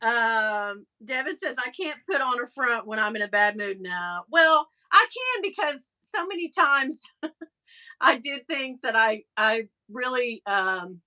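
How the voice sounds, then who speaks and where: Bright-voiced Southern woman chatting live. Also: on the high side, slow, low-quality recording. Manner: chatty and animated, laughing often, breaks into mocking voices. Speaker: live show host. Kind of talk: casual live chat reading viewer comments.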